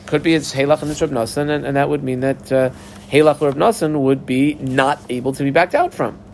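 A man's voice: a little high, fairly quick, gravelly, slight background noise. A man leads a Talmud study session in an orderly, step-by-step way. He reads short Aramaic phrases, translates them and tells learners exactly how to mark the text. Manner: methodical, guides text markings step by step. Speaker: Talmud teacher.

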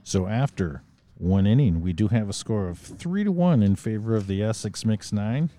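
A man's voice: lowish voice, animated, moderate pace, warm tone, a little hiss or hum. A man doing casual play-by-play commentary, joking between plays. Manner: chatty, joking banter.

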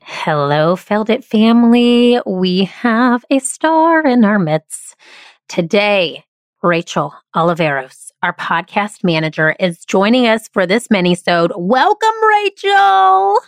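A woman's voice: mid-range voice, animated, slow, clear, resonant tone, dry recording. Enthusiastic woman podcast host, dry sound. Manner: enthusiastic, effusive. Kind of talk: upbeat podcast chat.

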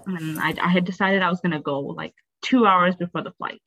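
A young woman from Texas, an interview guest, telling a personal story candidly and haltingly, often saying "like" and acting out what others said. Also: on the low side, steady tone, fairly bright tone, highs cut off. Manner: candid, halting, acts out quoted dialogue, frequent "like".

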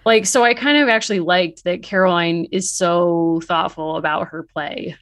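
Lively low-voiced woman chatting. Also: normal speed, no room sound. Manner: animated, filler-heavy, mimics characters in quotes. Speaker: podcast co-host. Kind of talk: casual chat about books.

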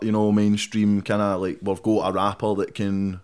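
Blunt, sweary Scottish man, low voice. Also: flat delivery, moderate pace, darkish tone. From Scotland. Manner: blunt, sweary and defiant, drops in "mate" constantly. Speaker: rapper guest. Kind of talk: casual interview chat.

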